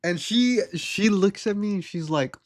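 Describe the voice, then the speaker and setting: A man's voice: sits high, expressive, unhurried. Young man rambling through a story. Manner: rambling, laughs at own story. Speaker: streamer. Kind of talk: casual storytelling on a live stream.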